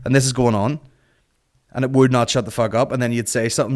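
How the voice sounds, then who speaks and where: A man in a mid-pitched voice, hosting a comedy podcast and ranting in a loose, casual way. He swears freely and keeps breaking into little impressions of other people. The delivery stays animated and conversational throughout. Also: fast talker. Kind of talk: casual comic rant.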